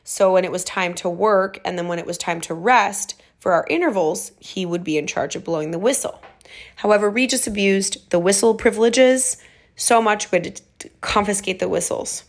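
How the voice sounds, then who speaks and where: Woman podcast host chatting away at home, lively storyteller, mid pitch, laughs a lot. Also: normal speed. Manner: chatty and animated, laughs often. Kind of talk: casual storytelling.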